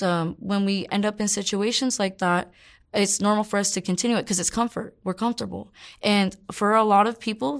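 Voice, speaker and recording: A woman in her twenties frankly telling her life story in an interview, rambling with many fillers and curse words. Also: medium pitch. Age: 20s. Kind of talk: candid personal storytelling.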